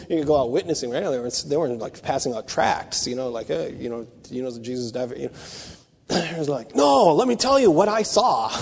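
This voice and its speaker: Male bible teacher, high voice, chatty delivery full of restarts, long hall reverb. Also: a little mellow. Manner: conversational, restarts and asides. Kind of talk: teaching sermon.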